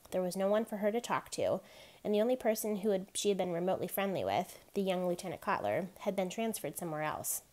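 A woman reading a novel aloud, gently giving each character a light voice of their own. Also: on the low side. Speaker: reader.

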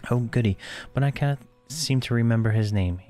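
A man voicing a lost little ghost girl in a game, high and pleading in a childlike way. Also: moderate pace, mellow, soft background music, close to an everyday voice.

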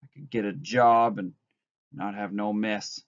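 A weary ranch hand speaks flatly and woodenly in a mellow voice, as a man reads him. The recording is dull and lo-fi. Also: mid-range voice, moderate pace, close to an everyday voice. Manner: flat, wooden. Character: weary, hardened male ranch worker.

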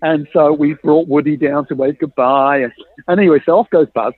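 A middle-aged man, a guest on an interview show, telling a story with lively, self-mocking humor and acting out the dialogue he quotes. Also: a little high, a little fast, no echo. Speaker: guest, innovation consultant. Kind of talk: animated anecdote telling in a podcast interview. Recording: dry, tinny phone-like line.

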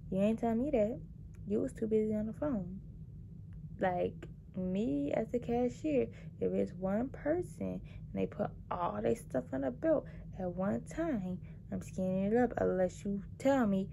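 Young woman, telling a cashier story with sass and dramatic emphasis. Her voice is gravelly with fry. A faint hiss sits under the voice. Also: medium pitch, a little slow. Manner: animated, sassy, petty venting with dramatic emphasis. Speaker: vlogger telling work stories. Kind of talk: casual storytime monologue.

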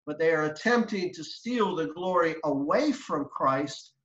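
A man's voice: on the high side, expressive, a little slow, a bit bright. A male guest speaking fervently on a religious broadcast, building emphatic lists of reasons. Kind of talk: preaching commentary. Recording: echoey dull-sounding room.

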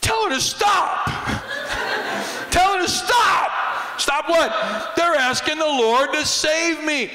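A man voicing Lazarus as an exasperated man shouting at his sisters. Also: very high voice, slow pace, few pauses, long reverb tail, pitched above the performer's own voice, full character voice.

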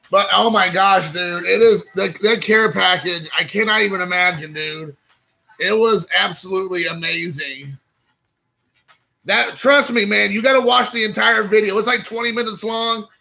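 A man in his thirties hosting a casual stream while opening trading card packs, excitable and rambling, calling people dude. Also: high voice, gravelly, rough recording. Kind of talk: casual live-stream chat.

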